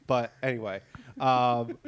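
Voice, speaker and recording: A man's voice: medium pitch, fairly even intonation, slow pace, clear, resonant tone. A young man telling rambling, profane stories in a casual chat, often laughing.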